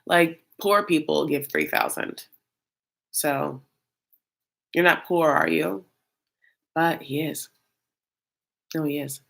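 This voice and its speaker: A woman's voice: low voice, takes it slowly, creaky, pauses often, fairly bright tone. A woman hosting a casual reality-show recap, chatty and loose, full of fillers and calling the audience honey.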